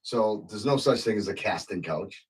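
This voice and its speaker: Low-voiced host, rambling questions. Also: male voice, moderate pace, darkish tone, slightly rough, poor audio. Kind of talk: casual interview questions.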